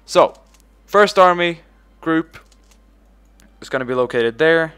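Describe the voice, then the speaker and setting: Excitable man narrating a strategy game. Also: slow pace, clear, resonant tone. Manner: excitable, swears casually, shouts "boom" when giving orders; talks to in-game units as if they were his troops. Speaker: let's play host. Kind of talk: casual gameplay commentary.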